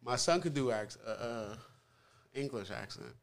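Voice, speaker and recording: Male podcast guest from Maine, mid-pitched, easygoing and dry. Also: animated, moderate pace, creaky. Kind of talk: casual chat.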